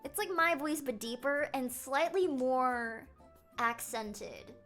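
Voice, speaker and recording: A young woman with a bright, high voice and a faint Canadian accent chats with her live-stream audience. She giggles often and jumps quickly from one thought to the next. Soft music plays quietly in the background. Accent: light Canadian. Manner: lively, giggly, chatty, reacts to chat. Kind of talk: casual live-stream chat.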